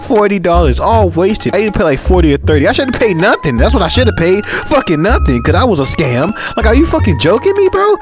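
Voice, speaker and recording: A young man vents in a comedic gaming rant, cursing constantly and drifting into sing-song bursts of disbelief. His pitch leaps and dips in a lively way throughout. Background music plays clearly beneath his voice. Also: brisk, hardly any pauses. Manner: exasperated, swears constantly, sing-song outbursts. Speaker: gaming YouTuber.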